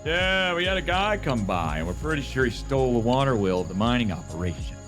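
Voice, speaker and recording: A man's voice: mid-range voice, very animated, a little fast, a bit bright, soft background music. A man in a role-play game, telling a rambling story casually with many fillers and restarts.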